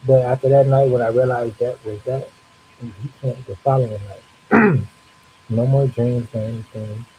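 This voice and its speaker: Male storyteller, casual and profane, mellow tone, animated retelling over a faint hiss. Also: medium pitch, normal speed, low-quality recording. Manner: loose, profane, animated retelling with acted-out reactions.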